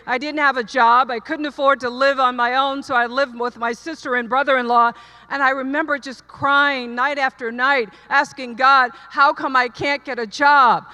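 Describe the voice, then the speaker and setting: A woman's voice: high-pitched, pushed and bright. A middle-aged woman giving a commencement speech, telling her story earnestly and repeating lines for emphasis. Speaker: commencement speaker. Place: large hall, live audience. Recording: long hall reverb.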